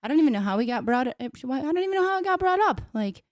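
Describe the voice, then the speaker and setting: Giggly woman co-host, lively pitch. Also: very fast, no echo, clean studio sound. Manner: giggly, self-deprecating. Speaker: podcast co-host. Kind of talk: casual chat.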